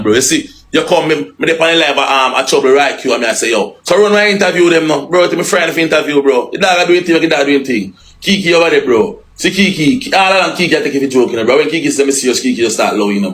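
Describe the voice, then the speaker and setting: A man's voice: medium pitch, fairly bright tone. A man with a Jamaican accent in a heated, profane, taunting live-stream rant that repeats its jabs.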